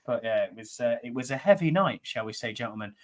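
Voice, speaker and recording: A man's voice: medium pitch, lively intonation, fast talker. A man, casually recounting a night out with chuckles. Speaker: guest calling in. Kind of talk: casual storytelling.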